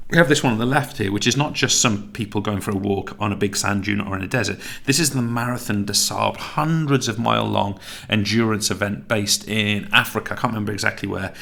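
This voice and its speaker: Low gravelly man teaching a lesson. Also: sharp tone. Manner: chatty, self-correcting, laughs at his own stumbles. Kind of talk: recorded tutorial lesson.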